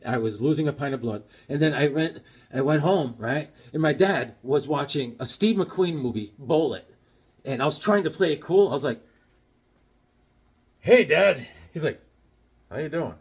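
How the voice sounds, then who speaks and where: A man from Connecticut casually chatting about his comic books, rambling along and telling deadpan tall tales with jokes between them. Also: fairly high pitch, moderate pace, husky. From Connecticut, USA. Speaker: comic book vlogger.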